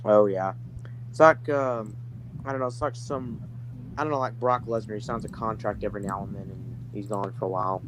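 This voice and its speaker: A man's voice: lowish voice, fairly even intonation, fairly quick, slight background noise, low-quality recording. A man chatting casually in a blunt, crude way as a guest. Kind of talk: casual chat.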